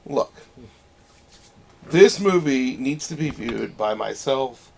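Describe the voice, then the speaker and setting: A man's voice: medium pitch, animated, slow pace, gravelly, slight background noise. A man co-hosting a casual movie review show, chiming in with short jokey comments. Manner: chimes in with short interjections and jokey asides. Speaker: podcast co-host.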